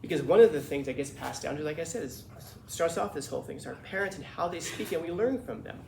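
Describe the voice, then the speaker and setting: A man's voice: fairly high pitch, lively intonation, fast talker, gravelly, darkish tone, roomy sound, a little hiss or hum. A male teacher lecturing his class in a conversational, emphatic way, acting out the voices of people he quotes. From Los Angeles.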